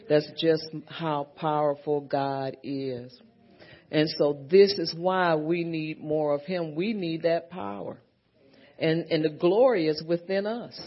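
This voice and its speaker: A woman preacher delivering a sermon, punctuating her points with frequent amens and hallelujahs and repeating phrases as she builds them. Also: sits low. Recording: dull lo-fi sermon recording.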